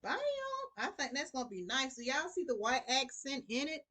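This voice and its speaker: A woman's voice: high-pitched, moderate pace, pushed and bright. A middle-aged woman giving a casual sewing tutorial, chatty and talking to her viewers as y'all. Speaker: sewing vlogger.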